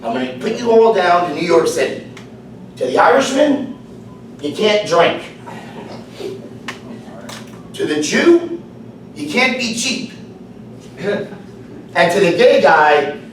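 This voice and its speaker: A man's voice: high-pitched, lively intonation, unhurried, pauses often, a little hiss or hum. A man playing God laying down rules in a joke, mock-solemn, in an echoey room from far off. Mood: mock-stern. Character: God laying down rules, stern yet wry.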